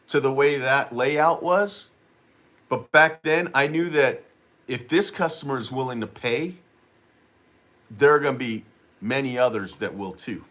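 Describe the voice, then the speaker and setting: An ordinary mid-pitched man running his own lawn care business tells a long story in a loose, unscripted way. He doubles back on phrases and leans on "you know what I mean" as he goes. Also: fairly bright tone. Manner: rambling, repeats himself, frequent "you know what I mean". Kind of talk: casual storytelling to camera.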